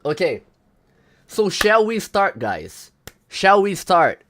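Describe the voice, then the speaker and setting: A man's voice: high-pitched, big pitch swings, slow, fairly bright tone, a little hiss or hum. A man hosting a casual livestream, chatting to viewers, greeting them by name and hyping up the stream. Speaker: livestream host.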